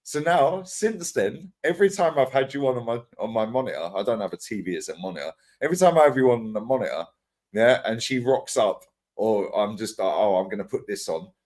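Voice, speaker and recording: A man in casual podcast chat, telling animated stories full of slang and swearing and acting out what others said. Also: mid-range voice, a little fast. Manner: animated storytelling, acts out quotes, swears freely, lots of slang. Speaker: podcast co-host.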